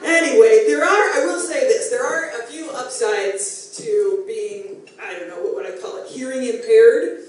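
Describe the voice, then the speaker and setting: Middle-aged woman, stand-up comic, high voice, chatty self-deprecating delivery, distant stage mic in an echoey room. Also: darkish tone. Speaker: stand-up comedian. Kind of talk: stand-up comedy set. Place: comedy club stage, live audience.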